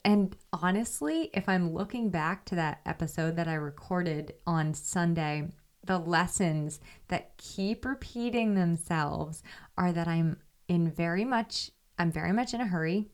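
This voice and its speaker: Woman, solo podcast host, candid and reflective, slightly low voice. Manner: candid, reflective, talks things through with restarts.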